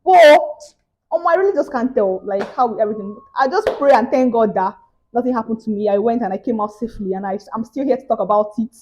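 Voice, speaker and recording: A woman's voice: a little high, fast, a little mellow, muffled recording, slight background noise. A young Nigerian woman with a Nigerian accent, telling a story in a casual vlog and acting out the other people's voices. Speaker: vlogger.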